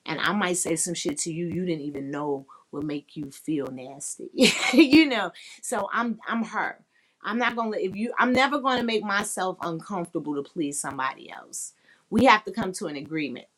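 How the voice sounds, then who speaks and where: A woman's voice: on the low side, moderate pace, a bit bright. A woman hosting a podcast and chatting casually with listeners, talking in a blunt, explicit, candid and playful way. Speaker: podcast host. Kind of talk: frank casual live chat.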